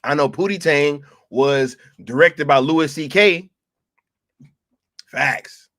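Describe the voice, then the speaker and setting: A man's voice: on the high side, takes it slowly. Laughing man reacting on a stream. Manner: breaks into loud laughter, slangy and profane.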